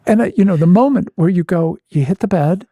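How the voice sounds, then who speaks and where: A man, a therapist appearing as a guest, telling a personal story in a vivid, animated and self-mocking way. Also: high voice, brisk, no room sound, clean studio sound.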